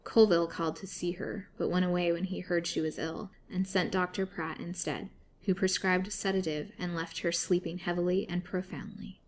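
A woman narrating a serialized story with steady, dramatic reading. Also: fairly low pitch, moderate pace.

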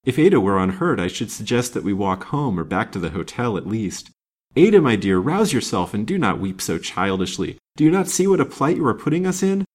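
Sex: male reader. Figure: haughty, jealous lady, as a man puts her on. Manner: cold, chiding. Pitch: raised a little above his own low voice. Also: sing-song, fairly quick. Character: cool, haughty widow, sharp-tongued and jealous.

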